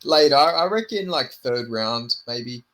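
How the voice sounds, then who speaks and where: A man's voice: mid-range voice, lively intonation, unhurried, fairly bright tone. A man with a British accent co-hosting a casual podcast chat, easygoing and swearing freely. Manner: laid-back, sweary. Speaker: podcast co-host.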